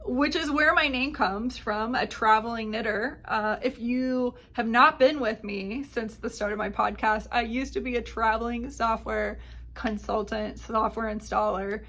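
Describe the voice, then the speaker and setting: A woman's voice: a little high, steady tone, a little slow, bright, forceful tone. A woman hosting a podcast, telling a travel story in casual chat and acting out the exchanges she quotes. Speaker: podcast host.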